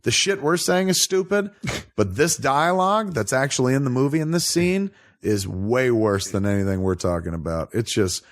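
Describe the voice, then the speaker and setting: Man, podcast host, casual commentary, profane, rambling, lively pitch. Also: moderate pace. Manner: profane, rambling, laughing riffs.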